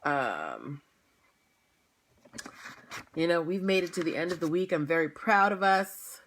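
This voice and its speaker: A woman's voice: on the low side, big pitch swings, unhurried, a bit bright, a little hiss or hum. Chatty woman hosting a livestream. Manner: chatty, laughs often, playful asides. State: tired, yawning. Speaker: livestream host. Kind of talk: casual pre-show chat to viewers.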